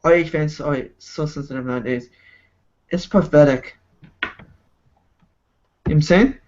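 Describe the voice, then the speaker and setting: A man's voice: a little high, normal speed, a little mellow, dull audio. A man hosting a casual chat show, ranting with heavy profanity and repeated words. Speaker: show host.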